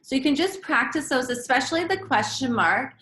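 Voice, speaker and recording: A woman's voice: high-pitched, lively intonation, a little fast, a bit bright. A woman teaching young children a lesson, patient and encouraging. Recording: echoey room.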